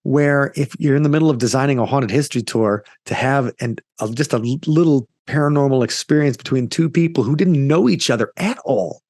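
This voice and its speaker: A man recounting a ghost story in a loose, rambling way, full of fillers, and slipping into quoted voices as he goes. His pitch sits in an ordinary middle range, and the sound is dry and close, with no room around it. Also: a little mellow, no room sound. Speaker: ghost tour company founder, guest. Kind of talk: casual storytelling in an interview.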